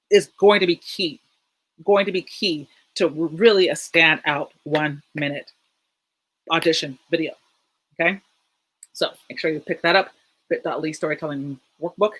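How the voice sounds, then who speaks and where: A woman hosting a livestream in a quick, casual, chatty way. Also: on the low side, a bit bright, poor audio. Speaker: host. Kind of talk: livestream presenting.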